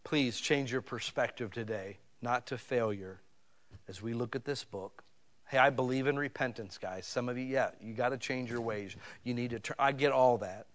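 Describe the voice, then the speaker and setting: Male pastor, folksy sermon, casual and direct, emphatic swells, mid-pitched voice. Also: normal speed.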